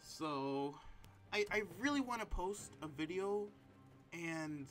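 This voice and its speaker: A man's voice: fairly high pitch, lively intonation, takes it slowly, a bit bright. Exasperated man rambling over game music. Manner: exasperated, exclaims often, rambling with many fillers. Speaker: gameplay commentator. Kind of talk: casual live gameplay commentary.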